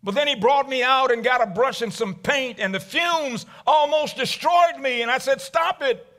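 A man's voice: very high-pitched, normal speed, fairly bright tone, pitched above the performer's own voice. A man voicing a suffering talking teacup that cries out and pleads in a sermon story. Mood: anguished. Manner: pleading, crying out.

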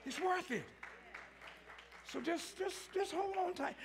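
A male preacher delivering a sermon, with call-and-response preaching that rises into shouts. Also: very high voice, slow, some chatter behind.

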